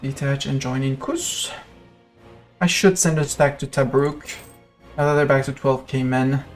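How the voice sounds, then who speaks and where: A French-accented streamer rambles through live gameplay, chatting to viewers and to the game as it goes. The voice sits at a middling pitch, with soft music under it. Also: steady tone, moderate pace.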